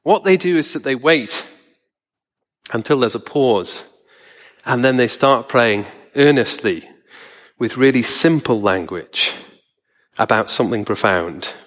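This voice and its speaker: A man preaching a sermon in a measured, wry, conversational way, slowing down to stress words. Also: mid-range voice, expressive, fairly bright tone. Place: church hall. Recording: long reverb of a church hall.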